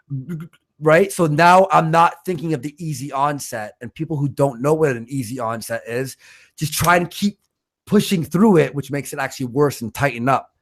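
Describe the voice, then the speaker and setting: A man hosting a livestream, reading out donations in blunt, swear-heavy casual chat, with a stutter and a voice roughened by smoking. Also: fairly high pitch. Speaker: livestream host.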